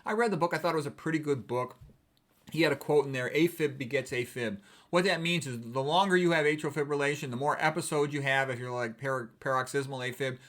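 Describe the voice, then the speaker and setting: A middle-aged man, a physician, giving a blunt, emphatic talk on health that rises to forceful stresses. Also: medium pitch, fast.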